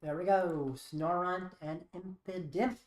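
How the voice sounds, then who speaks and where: A woman talks through her card game moves at a leisurely pace, half to herself and a little wry. Her voice sits low. The sound carries a roomy echo. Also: fairly even intonation, takes it slowly, darkish tone. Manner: muttering, thinking aloud, wry. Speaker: streamer. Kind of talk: live-stream card game commentary.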